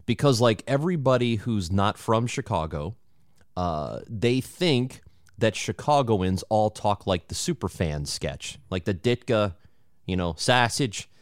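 A man's voice: on the low side, unhurried, no room sound, clean studio sound. A man hosting a podcast, chatting casually and joking, with frequent laughs. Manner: animated, laughs often, joking. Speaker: podcast host.

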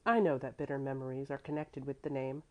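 A gentle, pious older lady offers earnest counsel, read by a woman. Her voice is low and soft, and she speaks steadily. A quiet storybook reading. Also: steady tone, fast, lo-fi sound.

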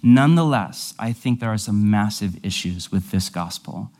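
A man's voice: lowish voice, expressive, moderate pace, a little mellow. A male pastor teaching a sermon in a conversational, explanatory way, with casual asides.

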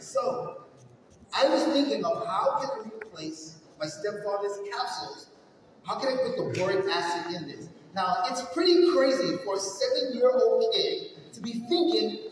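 Motivational keynote speaker, man from New York, high voice, energetic storyteller, recorded far off in a long-reverb hall. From New York, USA. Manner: energetic storytelling, direct address to the audience. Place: large hall with stage. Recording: echoey hall, far from mic, faint noise.

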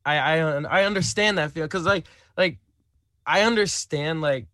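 A man's voice: a little high, normal speed, pushed and bright, no echo, studio quality. A young man who streams, a guest on a podcast, speaking hesitantly with many restarts and fillers. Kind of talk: casual interview chat.

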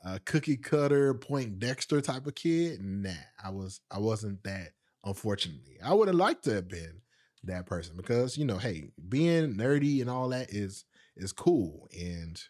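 Chatty male podcast host telling a story. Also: fairly low pitch. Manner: animated, laughs often, quick asides; speaks straight to listeners. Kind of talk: casual storytelling monologue.

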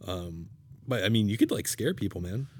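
A man's voice: lowish voice, lively intonation, normal speed, darkish tone, a little hiss or hum. A young man chatting casually as a podcast co-host, hesitant and trailing off often. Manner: hesitant, many fillers and trailing off. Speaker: podcast co-host, band member. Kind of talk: casual chat.

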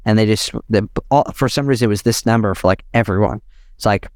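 A young adult man telling a long personal story as a podcast guest, animated and quick, peppered with "like" and "literally". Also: lowish voice, no room sound, studio quality. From United States. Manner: animated, fast-talking, heavy use of "like" and "literally".

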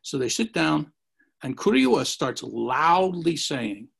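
A man's voice: fairly high pitch, big pitch swings, measured pace, vocal fry, a bit bright, slightly rough. A man telling rambling martial arts anecdotes in a casual chat, acting out the quotes. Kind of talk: casual storytelling.

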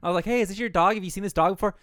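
A man telling stories in casual chat, swearing often and talking with animated energy. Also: high-pitched, very fast, no room sound, clean studio sound. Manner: profane, animated storytelling.

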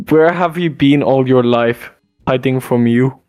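Deadpan low voice, slow and dry. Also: no room sound, soft background music. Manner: dry, deadpan delivery of one-liners. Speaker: podcast co-host. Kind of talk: casual podcast chat.

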